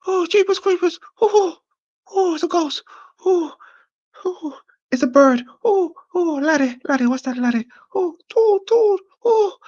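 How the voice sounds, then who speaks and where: A man voicing a squeaky, panicky fellow who cries out to a laddie in shrill gasps of alarm. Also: a little mellow, dull audio.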